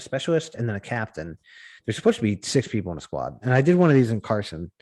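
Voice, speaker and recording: A man venting on a podcast in casual banter, swearing freely and rambling with false starts. His voice sits at an ordinary middle pitch. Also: a little mellow. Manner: profane, ranting, rambling with restarts. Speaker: podcast co-host.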